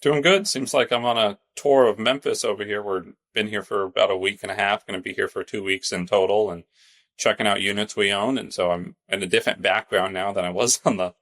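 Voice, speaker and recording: A man's voice: lowish voice, fairly bright tone. A man from California co-hosting a podcast, telling rambling stories in casual chat. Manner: rambling storytelling, laughs easily. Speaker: podcast co-host.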